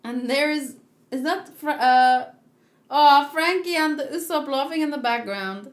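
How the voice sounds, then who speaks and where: A woman's voice: high voice, measured pace. A woman reading manga aloud and chatting casually between the pages, often laughing at herself. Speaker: manga read-along host. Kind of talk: casual read-along commentary.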